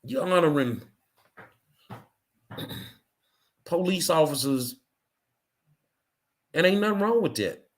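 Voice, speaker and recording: A man's voice: a little high, expressive, slow, long pauses. A middle-aged man hosting his own show, delivering an angry, emphatic monologue with hard repetition. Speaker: show host. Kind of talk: impassioned monologue.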